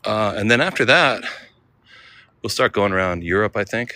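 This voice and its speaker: A man's voice: lowish voice, lively intonation, normal speed, pushed and bright. An American man in a casual, rambling travel vlog, chatting as he walks outdoors and laughing often. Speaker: travel vlogger. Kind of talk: casual walking vlog chat. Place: outdoors on a city street. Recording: city street noise with traffic.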